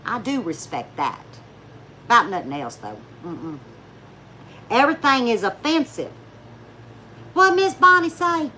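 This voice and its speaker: A woman's voice: fairly high pitch, sing-song, measured pace, long pauses, bright, forceful tone, a little hiss or hum. A woman telling folksy stories to her viewers in a chatty way, laughing often and acting out the people she talks about. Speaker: YouTube vlogger. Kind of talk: casual storytelling chat to viewers.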